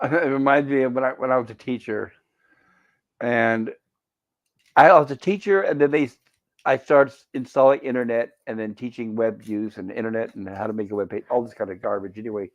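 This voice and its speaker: A man's voice: mid-range voice, fairly quick. Chatty man on a dull lo-fi line. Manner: chatty, many restarts and asides. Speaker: chat-reading co-host on a game stream. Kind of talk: casual rambling chat.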